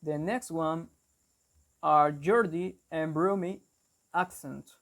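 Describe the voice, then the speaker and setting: A young man hosting an English-learning channel, explaining a lesson carefully and deliberately, with small restarts. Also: on the high side, steady tone, vocal fry, fairly bright tone. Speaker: English teacher, channel host.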